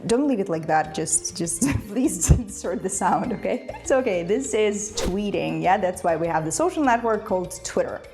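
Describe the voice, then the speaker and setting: A woman's voice: mid-range voice, expressive, normal speed, hardly any pauses, over music. A young woman whose first language is Ukrainian, teaching English in a playful, chatty video lesson and laughing often. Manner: playful, laughs often, imitates animal sounds.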